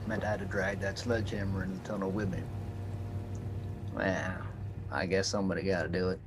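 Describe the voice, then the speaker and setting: Actor as an aging miner, gravelly folksy storyteller, noisy recording. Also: male voice, sits low, little pitch movement, a little fast. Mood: wry, reminiscing. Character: aging male coal miner, a worn, wry father. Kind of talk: stage play monologue. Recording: noisy background.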